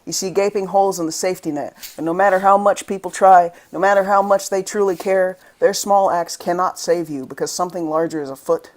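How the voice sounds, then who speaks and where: A spoken word poet from the United States, reading verse in a rhythmic, impassioned voice. The delivery keeps rising into angry emphasis at mid pitch. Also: fairly even intonation, brisk, few pauses. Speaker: guest poet.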